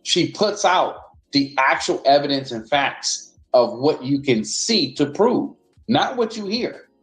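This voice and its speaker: A man's voice: fairly high pitch, expressive, takes it slowly, echoey room, faint music behind, rough recording. A man on a casual group video call who argues back and teases the host. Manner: argumentative, teasing. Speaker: panelist.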